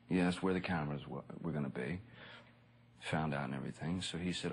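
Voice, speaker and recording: A man recounting anecdotes in a relaxed interview, rambling and laid-back with frequent "you know" and chuckles. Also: extremely low pitch, fast, vocal fry, slightly rough. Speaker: actor recalling a colleague. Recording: music bed under speech.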